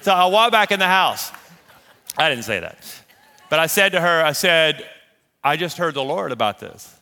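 A man preaching a sermon, telling a personal story in a lively, animated way and acting out the voices of the people in it. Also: fairly high pitch, moderate pace. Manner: animated, acts out quoted voices. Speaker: pastor. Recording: long reverb of a large hall.

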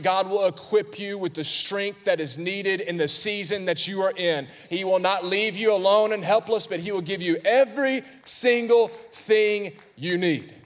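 A pastor in his thirties preaching a sermon, telling stories and rising to fervent shouts. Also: sits high, moderate pace, hardly any pauses. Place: church sanctuary. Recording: long hall reverb.

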